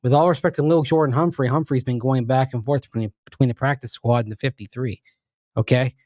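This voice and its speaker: A man's voice: medium pitch, steady tone, fairly quick, a little mellow, no room sound, studio quality. A man co-hosting a sports radio show, breaking down the team in an analytical, emphatic way. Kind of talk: casual sports talk.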